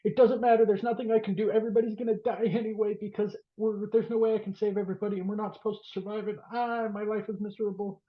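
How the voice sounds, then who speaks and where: A man's voice: high voice, level tone, fast, hardly any pauses, voice pushed up, natural voice. A man putting on a whiny despairing young soldier. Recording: roomy, dull lo-fi podcast audio.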